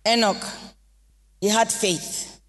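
A Nigerian woman pastor delivering an impassioned sermon with sing-song rises and shouted exclamations in a church hall. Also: mid-range voice, steady tone, slow. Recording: long reverb of a large hall.

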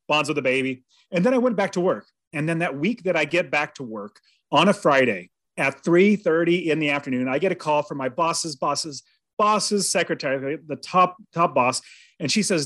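A man's voice: a little high, lively intonation, a little fast, fairly bright tone, dry recording. A man telling a personal story as a podcast guest, in an earnest, vivid way.

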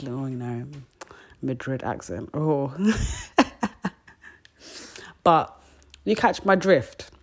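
Young woman, deep voice, slangy podcast chat, frank, lots of fillers. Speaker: podcast host. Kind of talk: casual chat.

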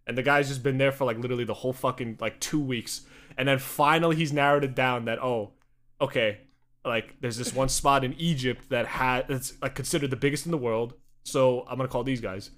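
A man's voice: medium pitch, fairly even intonation, a little fast, fairly bright tone. A young man co-hosting a podcast in casual chat, rambling and swearing with many fillers and restarts. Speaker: podcast co-host.

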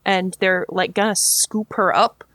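A woman's voice: mid-range voice, fairly even intonation, measured pace, fairly bright tone, dry recording. A woman playing a tabletop game, speaking casually and hesitantly with many fillers. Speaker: player.

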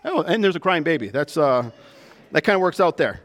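A man preaching a sermon to his church, with animated delivery that rises and drops to soft, emphatic lows. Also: a little fast, big-room sound. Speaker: pastor.

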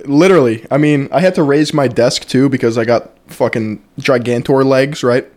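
A man's voice: medium pitch, normal speed, darkish tone. A man co-hosting a casual podcast, laid-back and hyping up his friend. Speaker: podcast co-host. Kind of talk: casual chat.

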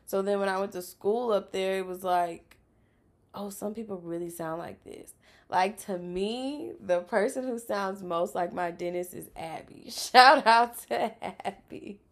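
A woman from South Louisiana hosting a casual podcast in an unhurried, measured delivery. Her voice has a gravelly, fry-heavy texture. She is candid, swears freely and laughs often. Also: mid-range voice. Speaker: podcast host.

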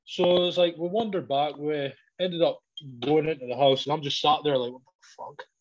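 A man's voice: fairly even intonation, moderate pace, a little hiss or hum. A man telling a story in casual chat, swearing often and laughing as he goes. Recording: dull, low-fidelity recording.

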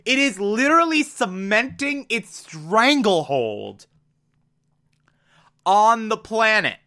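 A man casually and excitably recapping a TV episode, acting out the characters as he goes. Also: sits high, slow. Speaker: TV show recapper.

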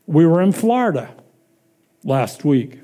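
A man's voice: a little high, sing-song, dark tone. A man preaching a sermon, asking the congregation questions and answering them himself, then telling casual personal stories with chuckles. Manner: slow, drawn-out preaching with call-and-response questions; chuckles through casual anecdotes.

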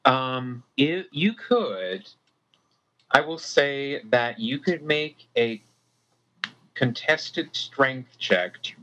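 A man running a tabletop game as game master, slow and hesitant, with many fillers. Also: medium pitch, lively intonation, pushed and bright. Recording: music playing behind.

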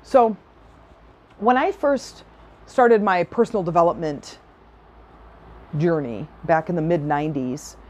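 A woman's voice: on the low side, a little slow, pauses often, darkish tone. Middle-aged woman, self-help speaker, chatty and enthusiastic, laughs easily. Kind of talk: personal storytelling talk.

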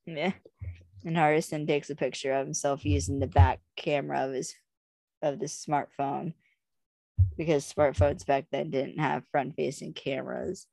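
Young woman, low gravelly voice, rambly podcast chat, dry close sound. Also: steady tone, normal speed, warm tone, no echo. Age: young adult. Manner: chatty, rambling, frequent "like" fillers. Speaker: podcast co-host. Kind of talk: casual chat.

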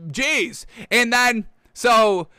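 A man hosting a football talk show, ranting in a heated, animated way and calling out to his folks, close on a studio mic. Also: extremely high pitch, extremely slow, smooth, dry recording. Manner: heated, animated, keeps addressing the audience as folks. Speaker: sports show host. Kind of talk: casual football rant. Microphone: close studio microphone.

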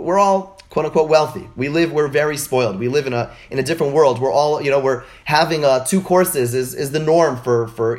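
A man teaching religious texts in an informal lecture over a video call, animated and full of rhetorical questions. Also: on the high side. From United States.

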